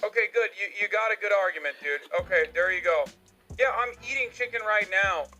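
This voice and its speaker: A man's voice: high voice, fairly quick, pushed and bright, faint music behind. A man streaming a reaction, profane and sarcastic, riled up. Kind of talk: livestream reaction.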